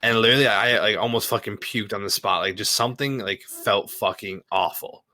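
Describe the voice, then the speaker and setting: Male storyteller, casual, profane, filler-heavy, forceful tone, dry close sound. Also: on the low side, steady tone, brisk, dry recording.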